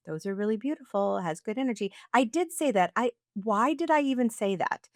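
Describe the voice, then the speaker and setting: A woman co-host spins a story in easy, casual talk, jumping into the voices of the people she quotes. Her pitch sits in a middle range and the sound is dry and close, with no room around it. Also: normal speed, few pauses, no room sound. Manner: animated storyteller acting out quotes. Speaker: podcast co-host.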